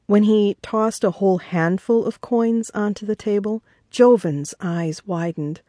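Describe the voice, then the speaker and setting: A woman, the author, narrating her own children's audiobook in a measured way. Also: medium pitch, warm tone, dry recording, clean studio sound. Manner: slow, measured reading.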